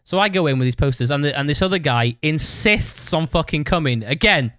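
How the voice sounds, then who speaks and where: A man's voice: on the high side, animated, fairly quick, fairly bright tone, smooth, no room sound, clean studio sound. A young British man hosting his own podcast, telling a rambling, sweary story in a casual way and laughing as he talks. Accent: British English. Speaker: podcast host.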